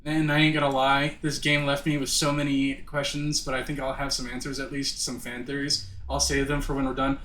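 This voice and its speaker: A man streams a game live, chatting with viewers, laughing often and stumbling over his words. His medium-pitched voice is fairly bright with little pitch movement, fairly quick with few pauses. The room is roomy, with game music behind him.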